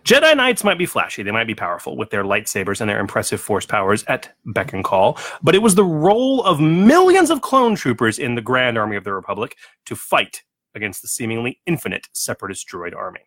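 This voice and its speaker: A man's voice: medium pitch, a little fast, no room sound. A man co-hosting a tabletop gaming podcast, reading a dramatic intro and chatting with frequent restarts. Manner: lively, theatrical delivery with frequent restarts. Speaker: podcast co-host. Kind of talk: casual chat and scripted intro.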